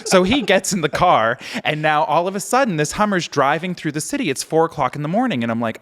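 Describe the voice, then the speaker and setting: A man's voice: a little high, a little fast, hardly any pauses. A man, a podcast guest telling a story casually and animatedly, acting out quotes. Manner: animated, acts out quotes, many "like" fillers.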